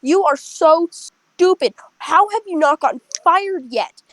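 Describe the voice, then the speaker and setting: A woman acting out a rude, furious woman customer who berates restaurant staff in a shrill, insulting voice. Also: lively intonation, measured pace, a bit bright, no echo, full character voice, rough recording. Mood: berating.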